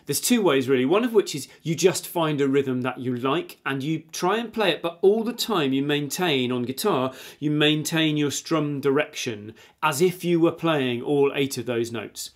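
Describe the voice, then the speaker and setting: A man teaching a guitar lesson, patiently counting beats aloud and explaining strum directions while he plays. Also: a little high. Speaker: music teacher. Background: guitar playing.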